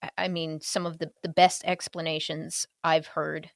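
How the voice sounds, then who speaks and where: A woman hosting an interview, who talks in an animated way, chuckles often and restarts her sentences. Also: low-pitched, moderate pace, vocal fry, no room sound, clean studio sound. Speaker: host. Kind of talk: conversational interview.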